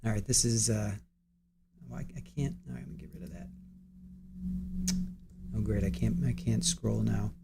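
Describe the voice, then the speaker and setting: A man's voice: fairly low pitch, steady tone, normal speed, vocal fry, pauses often, heavy background noise. A man in his forties hosting a casual livestream, rambling, stumbling over words and reading viewer comments aloud. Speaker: livestream host.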